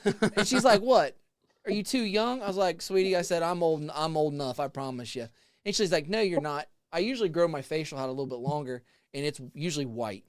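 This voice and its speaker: Animated storytelling man in his forties. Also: a little high, a little fast, clear, resonant tone, no echo, clean studio sound. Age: 40s. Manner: animated, laughing, acts out voices. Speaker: haunted house actor. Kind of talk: casual storytelling.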